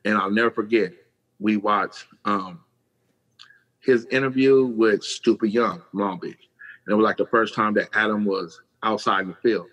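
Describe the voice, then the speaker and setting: A middle-aged man from California, a podcast guest telling his life story in casual, animated talk, swearing freely and acting out the voices of people he quotes. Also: lowish voice, normal speed, poor audio.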